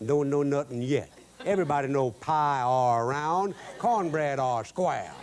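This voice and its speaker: A man's voice: mid-range voice, a little slow, noisy background, close to an everyday voice. A man voicing an old Cajun farmer father in a joke, with a Cajun accent and blunt, broken-grammar speech. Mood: blunt, teasing. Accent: Cajun English. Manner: broken-grammar folksy storytelling.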